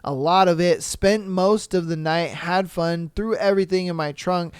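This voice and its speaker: A man's voice: sits high, moderate pace, clear, resonant tone, no room sound, clean studio sound. A man hosting a podcast, reading listener stories aloud and reacting in a laid-back, chatty way with crude jokes. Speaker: podcast host.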